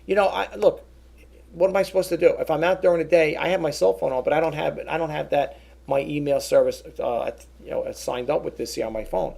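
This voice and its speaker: A man's voice: fairly high pitch, steady tone, brisk, vocal fry, a little mellow, breathy edge. A middle-aged man telling an indignant story in a casual vlog, rambling and often restarting his words. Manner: indignant storytelling, quoting both sides of a phone call. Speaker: vlogger.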